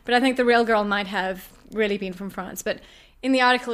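A woman's voice: medium pitch, fairly quick, fairly bright tone. A woman novelist and former journalist answering interview questions in a chatty way, full of restarts and fillers.

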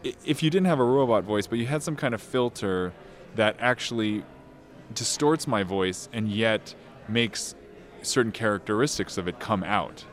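A man with a somewhat low voice talks through an answer about his own novel. He feels his way forward, trailing off, restarting and filling gaps with ums as he goes. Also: expressive. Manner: thoughtful, halting, many restarts and fillers. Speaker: novelist guest. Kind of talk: casual interview answers.

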